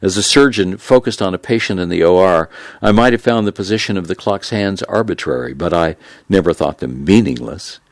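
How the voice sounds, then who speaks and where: Deep-voiced man narrating a memoir. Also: no room sound. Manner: measured, reflective, unhurried.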